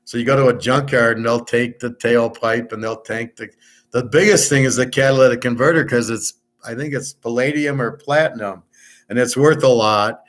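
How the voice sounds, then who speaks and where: A man hosting a casual livestream, talking loud and clear on purpose, blunt and opinionated, rambling from one point to the next. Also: medium pitch, moderate pace. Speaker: sports handicapping show host. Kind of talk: casual livestream chat with viewers.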